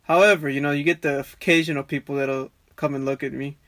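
A young man from Texas, a barber guest on a podcast, chatting in a relaxed, rambling way with many restarts. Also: a little high, fast, dry recording. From Texas, USA. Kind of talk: casual conversation.

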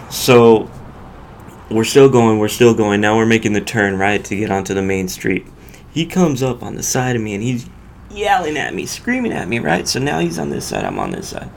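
A male podcast host with a creaky, mid-range voice casually tells a profane road-rage story in loose street slang, with a little hiss or hum in the recording.

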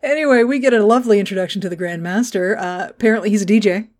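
This woman talks very fast in a mid-range, slightly mellow voice. As a podcast co-host, she recaps a movie in casual conversation, joking, swearing freely and acting out the characters as she retells it.

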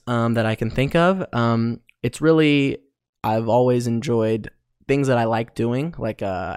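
A man's voice: medium pitch, darkish tone, no room sound, studio quality. A young adult man hosting his own podcast, talking casually in a loose, rambling way full of ums and likes. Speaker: podcast host. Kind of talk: casual solo podcast monologue.

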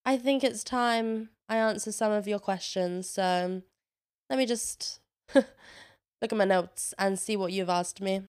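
A woman's voice: medium pitch, a little slow, clean tone. A young woman, chatting in a casual vlog, swearing freely and saying "like" a lot, a little congested. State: a bit congested. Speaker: vlogger. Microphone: own microphone with a noise gate.

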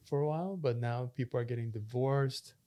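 A man's voice: mid-range voice, a little fast, mellow. Man, pastor, rambling storyteller, casual podcast chat. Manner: talkative, storytelling with many fillers and restarts.

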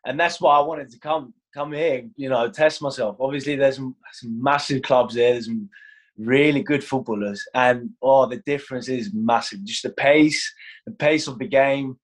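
A man's voice: mid-range voice, normal speed. A young man from Iceland with a London-tinged English accent, a goalkeeper chatting in an interview, laughing and acting out quotes. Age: young adult. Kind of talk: casual interview chat.

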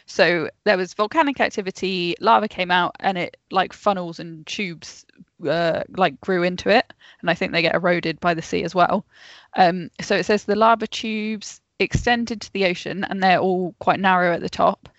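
A woman's voice: lowish voice, fairly even intonation, normal speed, dry recording. A woman co-hosting a casual podcast, telling a true story to friends and often breaking into giggles. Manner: giggly, easily sidetracked storyteller. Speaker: podcast co-host. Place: home, remote call. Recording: dull, dry lo-fi mic.

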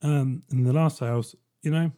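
A man's voice: on the high side, fairly even intonation, unhurried, mellow. A man hosting a solo comedic podcast, rambling and self-deprecating, with frequent laughs. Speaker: podcast host.

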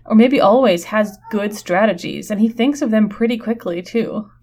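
A woman on a casual podcast panel, thinking her points through aloud, with "like" and quick restarts. Her voice sits in a middle pitch for a woman. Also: darkish tone. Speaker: podcast co-host. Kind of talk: casual analytical chat.

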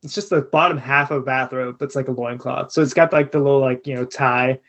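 A man's voice: medium pitch, steady tone, fairly quick, fairly bright tone. A man narrating as game master of a tabletop game, laid-back and chuckling, with many filler words. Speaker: tavern master.

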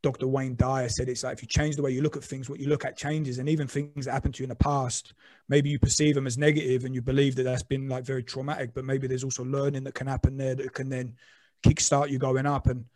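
A man thinks out loud in a casual podcast conversation, hedging with fillers and swearing casually. His voice is recorded dry and close, with no room sound. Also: mid-range voice, little pitch movement, quick pace, no echo.

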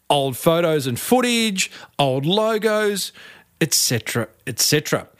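Man, middle-aged, podcast host, lively swooping delivery, direct. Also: on the high side. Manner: upbeat, direct, calls listeners team. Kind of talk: solo marketing tips segment.

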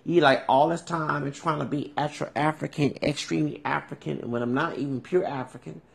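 A man's voice: fairly high pitch, fairly even intonation, a little fast, vocal fry. A man from Houston hosting a podcast, talking in a rambling monologue and often tagging "okay?" onto his points. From Houston, Texas. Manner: digressive, repeats "okay?". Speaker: podcast host.

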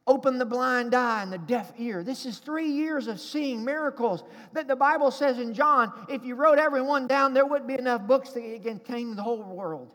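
High-pitched preaching man in a reverberant hall. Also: moderate pace, hardly any pauses, a bit bright. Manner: emphatic preaching, calls for congregation response. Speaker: pastor. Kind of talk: sermon.

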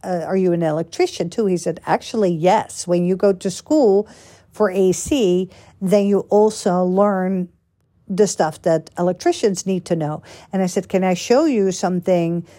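Chatty woman podcast host, mellow voice. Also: lowish voice. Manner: chatty, animated storytelling with quick asides. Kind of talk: casual chat.

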